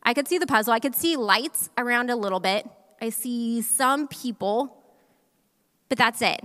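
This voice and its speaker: A woman pastor in her thirties preaching a sermon to a church audience, telling a personal story in an animated way and speaking directly to the crowd. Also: fairly high pitch, moderate pace. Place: large church hall. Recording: long hall reverb.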